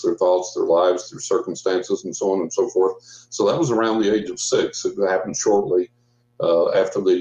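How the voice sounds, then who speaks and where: A man's voice: low voice, warm tone, roomy sound, muffled recording. A man in his sixties, a guest psychic, telling a long story in a casual rambling way with restarts and quoted dialogue.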